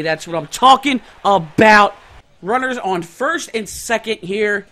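Young dude hyping up his baseball game, high bright voice jumping all over, loud as hell. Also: animated, unhurried. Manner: loud and hyped, shouting at plays. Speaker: gaming YouTuber. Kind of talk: excited gameplay commentary.

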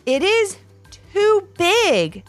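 A woman's voice: extremely high pitch, big pitch swings, drawn-out words, no room sound, faint music behind, pitched above the performer's own voice, exaggerated voice. A woman voicing a curious, clever young boy in a storybook. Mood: thoughtful.

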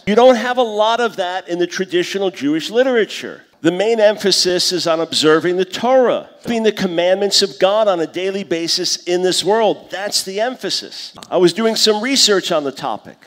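A man in his fifties with a high-set voice delivers a conference lecture on scripture. He teaches in a lively way and slips into the voices he quotes. His words ring out with a long reverb off a large hall. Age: 50s. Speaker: conference speaker.

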